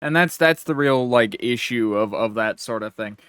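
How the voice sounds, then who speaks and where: A man co-hosting a casual podcast, telling a story in lively fashion and acting out other people's lines. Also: mid-range voice, normal speed, smooth, no room sound, studio quality. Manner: animated storyteller acting out dialogue. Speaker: podcast co-host. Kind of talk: casual chat.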